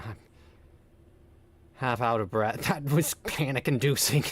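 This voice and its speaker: A man commentating his own gameplay, excitable, pleading with the game and joking along. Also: mid-range voice, unhurried, long pauses, husky. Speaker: gaming video host. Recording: game music underneath. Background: game music.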